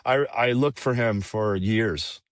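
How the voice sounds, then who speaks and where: A man's voice: fairly low pitch, takes it slowly, no room sound, clean studio sound. A middle-aged man telling a candid personal story, rambling and profane, with frequent restarts. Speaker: guest singer.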